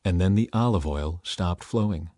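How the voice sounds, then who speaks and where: A man narrating a scripture story in a measured, deliberate reading style. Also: sits low, mellow, no room sound, clean studio sound.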